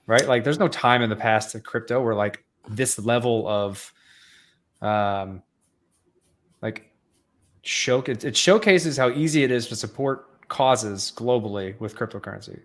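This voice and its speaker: A man's voice: mid-range voice, a little slow, fairly bright tone. A man co-hosting a podcast in casual chat, earnestly explaining at length. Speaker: podcast co-host.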